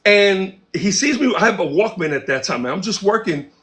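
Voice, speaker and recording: Male interview guest, high voice, animated storyteller who acts out the dialogue. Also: brisk. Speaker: interview guest, music producer. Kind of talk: casual storytelling.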